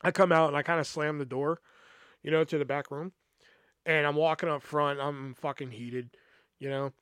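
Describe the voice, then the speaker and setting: A man's voice: on the high side, fairly even intonation, moderate pace, fairly bright tone, clear, resonant tone, no room sound, studio quality. A man hosting a podcast, casually telling a personal story in a rambling, profane way, full of "you know" and stammered restarts. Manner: retells past conversations with restarts and stammers.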